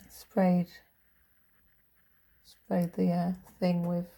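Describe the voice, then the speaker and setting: Husky gravelly woman in her fifties. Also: medium pitch, moderate pace, dark tone. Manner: blunt, sweary, muttering asides. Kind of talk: rambling casual monologue.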